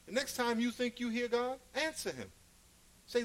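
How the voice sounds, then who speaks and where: High-voiced man preaching with playful stories. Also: animated, moderate pace. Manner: storytelling, playful, laughs at his own stories; sudden loud calls and drops to a hush. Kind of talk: sermon.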